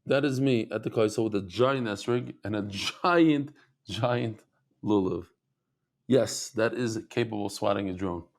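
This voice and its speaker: A man teaching a Talmud class, telling stories with animated asides and acted-out voices. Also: on the low side, a little slow. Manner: animated storytelling, acts out voices, laughs.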